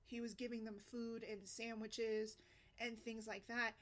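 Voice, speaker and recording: A woman's voice: fairly high pitch, little pitch movement, a little slow, a bit bright. A woman talking earnestly in a casual vlog, conversational and often asking "right?". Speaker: single mom blogger.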